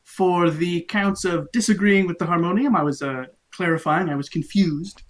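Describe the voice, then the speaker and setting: A man's voice: sits high, moderate pace. A man playing a tabletop game, answering in character in an earnest, slightly hesitant way. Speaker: player. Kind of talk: casual tabletop game play.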